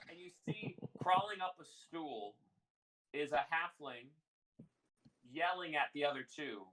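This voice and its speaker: A man's voice: fairly high pitch, lively intonation, takes it slowly, sharp tone, rough recording. A man narrating as game master in a casual, rambling way. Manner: casual, lots of fillers and restarts.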